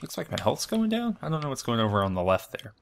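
A man's voice: mid-range voice, fast talker, creaky, a little hiss or hum. A man commentating his own video game playthrough, thinking aloud and cheerfully mocking his own play. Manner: excitable, self-deprecating, thinks aloud.

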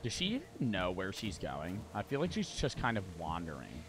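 A young man streaming a game, talking to his chat in a casual, profane, excitable way and breaking into repeated shouted outbursts. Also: low voice, normal speed. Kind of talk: live gameplay commentary. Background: game music.

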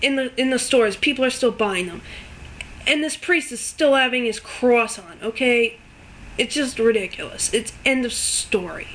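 A woman's voice: a little high, moderate pace, a bit bright, a little hiss or hum. A woman delivering an unscripted rant to camera for her video channel. She sounds exasperated and emphatic, and she tags her points with "okay?" and "all right?". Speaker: video ranter.

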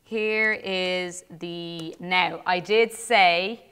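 A young Irish woman with a slightly low, smooth and clear voice talks through a classroom demo. She is chatty and thinks aloud, with plenty of ums as she works. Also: steady tone, extremely slow, a bit bright. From Ireland. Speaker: co-host teacher. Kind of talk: casual classroom demo while playing.

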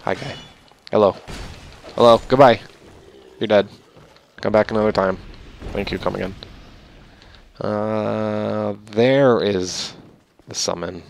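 Young male gamer, low gravelly voice, rambling play-by-play with sudden mock-furious swearing. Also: fairly even intonation, takes it slowly, long pauses, slight background noise. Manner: rambling, swears at enemies, mock-angry outbursts. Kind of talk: casual gameplay commentary.

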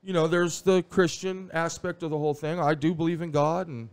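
A man's voice: a little high, fairly even intonation, fairly quick, clean tone. A man chatting casually as a podcast guest, rambling and telling crude stories. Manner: rambling storyteller, crude humor.

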